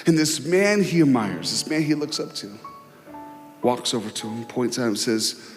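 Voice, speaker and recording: A man's voice: mid-range voice, lively intonation. Dramatic man preaching in a hall. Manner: emotional, dramatic storytelling with pauses and swells. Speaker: guest speaker. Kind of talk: inspirational sermon storytelling. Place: large hall before a crowd. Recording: long hall reverb, faint music.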